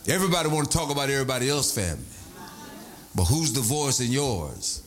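A male pastor preaching a sermon, animated, shouting at times and sliding into a sing-song high voice. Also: fast.

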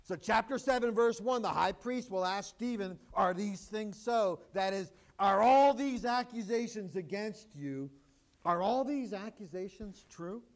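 A man with a high, light voice delivers a sermon from the pulpit. He moves between easy, conversational asides and rhetorical questions and emphatic, swelling exclamations, dropping his voice for quieter points and lifting it for appeals. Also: measured pace. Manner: emphatic preaching, rising to loud exclamations. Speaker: pastor.

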